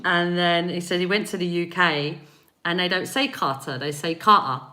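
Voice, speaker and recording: East london lady rambling on a live stream, laughs a lot, keeps repeating names, voice sits low but sounds bright. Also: steady tone, normal speed. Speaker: spiritual reader and energy healer. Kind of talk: live-stream chat answering viewer comments.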